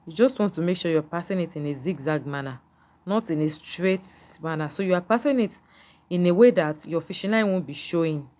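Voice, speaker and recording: Low-voiced woman teaching a beading craft. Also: fairly quick, darkish tone. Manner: patient, repetitive, checks in with "can you see?". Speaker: beading tutor. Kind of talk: step-by-step craft tutorial.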